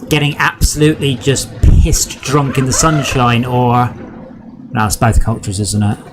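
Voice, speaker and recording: A man's voice: medium pitch, flat delivery, a little slow, noisy background. A man with a broad Devon accent, chatting and joking while he streams a game, drifting off onto tangents. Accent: West Country, Devon. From Devon, England. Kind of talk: casual chat while playing a game.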